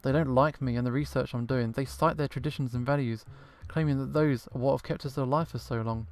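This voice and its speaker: A man's voice: mid-range voice, fairly even intonation, fairly quick, natural voice. A man reading the lines of a sarcastic, impatient female dragon scientist in a visual novel, with faint game music behind. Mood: irritated. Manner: dry, sarcastic, dismissive reading.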